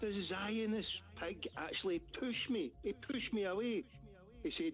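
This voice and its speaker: A Glaswegian man calls in over a tinny phone line, his voice sitting fairly high. He talks fervently and rambles in a devout way. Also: lively intonation, normal speed, soft background music. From Glasgow, Scotland. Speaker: caller. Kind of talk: call-in phone chat.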